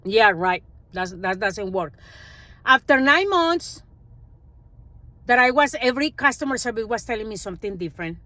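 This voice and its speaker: Woman, Spanish native speaker, casual finance vlog, lively storytelling, dry close-miked sound. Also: mid-range voice, fast talker, dry recording. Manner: animated storytelling, acts out quoted dialogue, non-native grammar. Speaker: personal finance vlogger.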